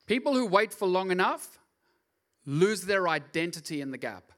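A high, bright-voiced man preaching with big swings in pitch. He jokes and acts out little scenes as he goes, lively and animated throughout a sermon. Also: moderate pace. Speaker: pastor.

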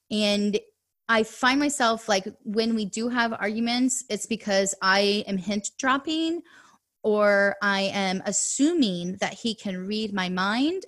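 A woman's voice: mid-range voice, a bit bright. Chatty woman money coach. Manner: chatty, storytelling, quick asides. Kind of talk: podcast interview.

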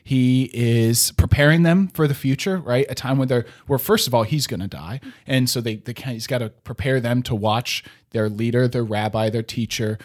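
A man in easy, conversational mode works through ideas about scripture out loud. He often breaks off and restarts, and keeps checking in with his listener. His pitch and energy sit in an ordinary middle range. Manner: rambling, self-interrupting, frequent "right?". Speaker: podcast co-host. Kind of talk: casual conversational discussion of scripture.

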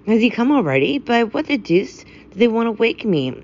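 A woman's voice: fairly high pitch, very animated, normal speed, a little mellow, dull audio, voice pushed up. A woman reading as a flustered doctor. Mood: panicky. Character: flustered sleepy middle-aged male doctor.

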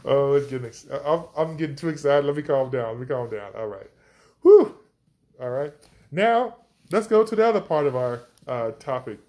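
A man's voice: medium pitch, expressive, normal speed, long pauses, a little mellow. A man teaching scripture on a podcast, enthusiastic, stretching out key words for emphasis. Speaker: preacher.

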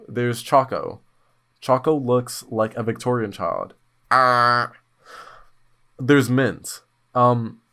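This man is a podcast host swapping stories in relaxed conversation. His delivery is animated, full of slang and bluntness, punctuated by abrupt, excited leaps in pitch.

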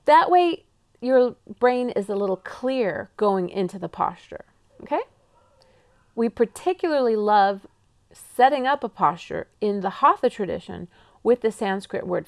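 Woman yoga teacher from the Pacific Northwest, upbeat and animated, coaching other teachers. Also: fairly high pitch. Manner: enthusiastic and animated, with slow drawn-out calm phrases.

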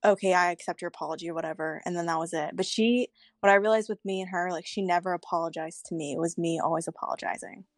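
A woman's voice: on the low side, fast, dry recording, clean studio sound. A young woman telling a candid story in casual chat, swearing freely.

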